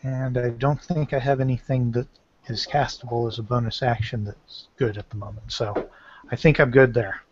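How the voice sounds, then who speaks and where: A man's voice: mid-range voice, steady tone, moderate pace. A man playing a tabletop game, thinking aloud through the rules. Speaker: player. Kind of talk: casual tabletop game chat. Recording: dull recording with noise.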